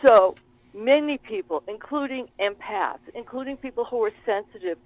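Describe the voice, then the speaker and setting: This is a woman speaking as an interview guest, and she tells her stories with lots of energy and expressive swings. Her voice comes through a thin, tinny phone line, and it sounds dry, with no room around it. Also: a little high, moderate pace, dry recording. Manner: animated, expressive storytelling. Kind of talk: interview conversation.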